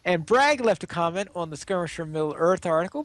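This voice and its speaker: A man hosts a casual gaming podcast with a fairly high and very lively voice. He reads listener comments aloud and hands letters to his co-hosts. The sound is dry and close. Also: brisk, few pauses, dry recording. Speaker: podcast host.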